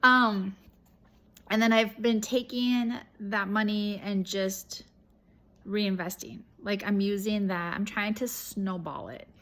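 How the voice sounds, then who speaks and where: A woman's voice: mid-range voice, steady tone, slow, fairly bright tone. A woman chatting casually in a vlog update, rambling with fillers and restarts, her throat a bit irritated. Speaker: reseller vlogger.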